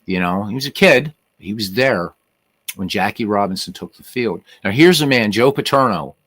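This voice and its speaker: A man's voice: fairly low pitch, expressive, moderate pace, fairly bright tone, no echo. A middle-aged man hosting a livestream in a casual, rambling way, with many restarts and "you know" fillers. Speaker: livestream host. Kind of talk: casual chat.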